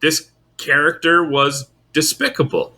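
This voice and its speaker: Male podcast co-host, bright forceful voice, opinionated and animated in debate. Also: unhurried. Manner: opinionated, lively pitch swings, argues his points. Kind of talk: casual film review chat.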